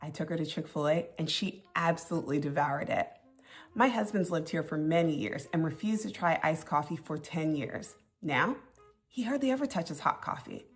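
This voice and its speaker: Low-voiced American woman, chatty anecdotal vlogger, faint music behind. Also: expressive, moderate pace. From United States. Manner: conversational, anecdotal. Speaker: social media commentator. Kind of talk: casual vlog talk.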